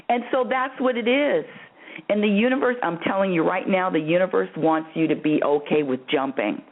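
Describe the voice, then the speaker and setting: A woman hosting a call-in radio show, repeating her points for emphasis and calling the caller honey. Her voice swoops up high when she stresses a point, and she laughs often. The sound is narrow and phone-like. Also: normal speed. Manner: emphatic and repetitive, calls the caller honey and dear. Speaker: radio host answering callers. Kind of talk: spiritual advice call-in show.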